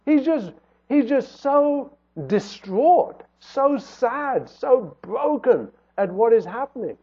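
A man's voice: very high voice, lively intonation, slow pace, slightly rough. A man preaching a sermon in an earnest tone, his voice rising and falling for emphasis. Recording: tinny phone-like sound.

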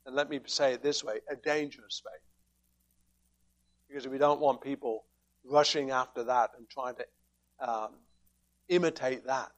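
A man's voice: mid-range voice, fairly even intonation, normal speed, long pauses. A man preaching a sermon, emphatic and fond of rhetorical questions as he works through scripture.

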